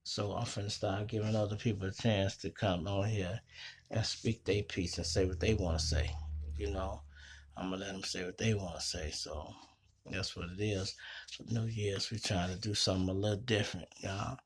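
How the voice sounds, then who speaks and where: A middle-aged man hosting his own show from a small home studio, telling stories in a slangy, profane, animated way. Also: low-pitched, moderate pace, slight background noise. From Chicago. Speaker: host. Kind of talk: casual storytelling monologue.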